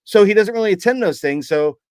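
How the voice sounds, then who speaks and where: A man with a somewhat high voice tells a story on a podcast, slipping into the voices of the people he remembers. His voice is recorded very dry, with no room sound around it. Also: a little fast, no room sound. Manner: lively storyteller who acts out remembered dialogue. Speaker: podcast co-host. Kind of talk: casual podcast chat, telling a personal story.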